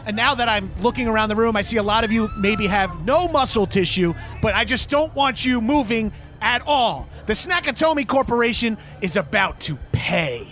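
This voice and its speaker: Man voicing a terrorist boss, high-pitched, rambling, blustering, comedy audio play. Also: expressive, moderate pace, hardly any pauses, a bit bright. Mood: commanding. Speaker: villain.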